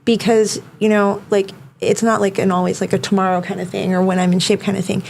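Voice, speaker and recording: A woman's voice: medium pitch, flat delivery, a little fast, gravelly, darkish tone, slight background noise. A woman self-defense instructor talking casually as a podcast guest, filling her speech with "like" and "you know.". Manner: chatty, many fillers like "like" and "you know".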